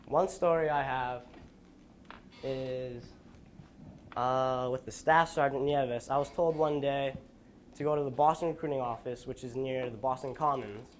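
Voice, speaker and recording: A young man giving a school presentation, telling a personal story in an earnest, halting way with restarts, sounding tired. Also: mid-range voice, fairly even intonation, slight background noise. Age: young adult. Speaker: student presenter.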